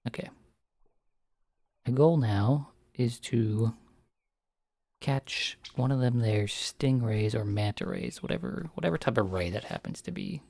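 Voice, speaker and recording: Gravelly American man rambling while gaming. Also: mid-range voice, lively intonation, unhurried, long pauses, darkish tone, dry recording. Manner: rambling, opinionated. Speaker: streamer. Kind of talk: casual gameplay chat.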